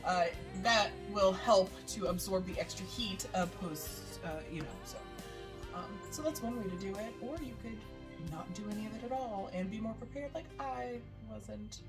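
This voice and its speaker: Over loud music, a baking vlogger chats her way through a recipe in her home kitchen, rambling casually with plenty of "uh"s and laughter. Her voice sits at a medium pitch and moves at a normal speed.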